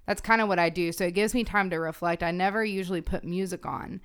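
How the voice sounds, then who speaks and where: A woman's voice: on the low side, fairly even intonation, quick pace, smooth. A young woman co-hosting a podcast, telling personal stories in reflective casual chat. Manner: reflective storytelling, frequent "like". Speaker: podcast co-host.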